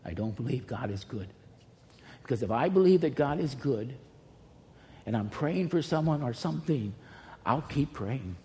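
Warm-voiced pastor preaching in a hall. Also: male voice, medium pitch, expressive, moderate pace, pauses often. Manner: emphatic and repetitive, swinging from loud pleas to hushed near-whispers. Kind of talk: sermon. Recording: reverberant hall with faint noise.

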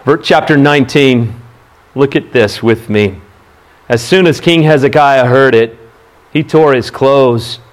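A man preaching a sermon, asking the listeners questions and reading scripture aloud in an animated way. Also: medium pitch, measured pace. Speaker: pastor.

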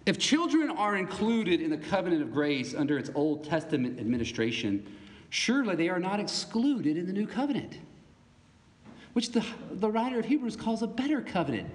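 A man preaching a sermon as pastor, animated, with asides and little laughs. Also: high-pitched, brisk. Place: church sanctuary. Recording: reverberant church hall.

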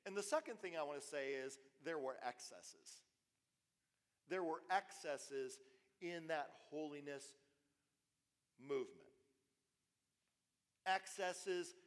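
A male pastor delivering a sermon in a fairly high voice, swinging from emphatic bursts to hushed asides and repeating himself as he builds a point. His words ring out with a long reverb through a church hall. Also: takes it slowly, long pauses. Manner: animated preaching with repetitions and sudden soft drops.

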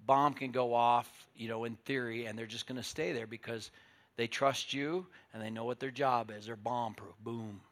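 An older man preaching a sermon as pastor, telling stories, moving from quiet asides to loud emphatic points. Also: medium pitch, fairly even intonation, moderate pace.

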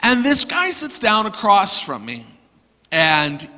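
A man's voice: high voice, takes it slowly, big-room sound. A man preaching a sermon, telling self-deprecating stories with lots of humor. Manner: animated, self-deprecating storyteller. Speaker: pastor.

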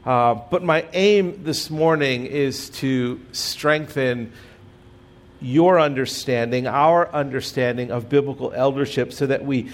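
A man's voice: medium pitch, takes it slowly. A middle-aged man preaching a sermon as pastor, telling stories in a conversational way with self-deprecating humor.

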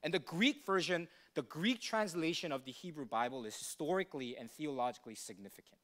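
Animated high-voiced male preacher. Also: a little fast, hardly any pauses. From United States. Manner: questioning, teacherly, checks in with the congregation. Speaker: pastor. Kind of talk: sermon.

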